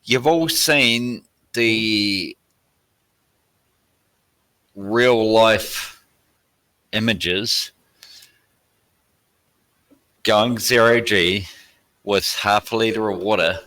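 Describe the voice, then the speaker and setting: Australian man, bright ringing voice, sweary and exasperated, heated casual debate. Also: on the low side, very slow, long pauses. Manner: sweary, exasperated, loud outbursts. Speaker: helicopter pilot guest.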